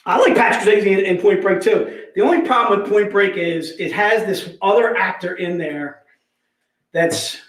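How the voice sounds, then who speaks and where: Energetic male livestream host, high-pitched, jokey patter, roomy echo. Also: normal speed. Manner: energetic, joking, repeats "all right". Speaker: livestream host selling comic packs. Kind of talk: casual sales livestream chat. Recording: echoey room.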